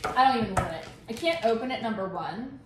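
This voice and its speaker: Lively teasing woman in an echoey room. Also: fairly high pitch, brisk. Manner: teasing, giggly, bursts of mock paparazzi shouting. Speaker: vlog host. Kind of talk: casual playful chat. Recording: echoey room, far from mic, noisy.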